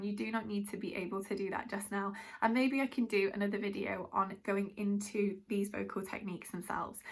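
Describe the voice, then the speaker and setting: A woman's voice: mid-range voice, fairly bright tone. A woman from Britain, teaching a musical theatre masterclass in a chatty, explanatory way. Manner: chatty, explanatory, self-aware. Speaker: drama teacher.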